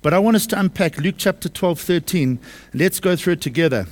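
Male pastor, slightly raised pitch, emphatic sermon delivery with repeated lines and rhetorical questions. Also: a little fast. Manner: emphatic, repeats key phrases and asks the congregation questions. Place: church service.

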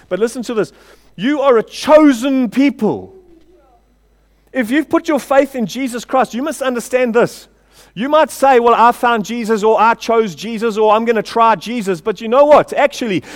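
A man preaching a passionate sermon as pastor, building to shouted declarations. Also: high voice. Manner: passionate, rising to shouts, chuckling between points. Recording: hall reverb.

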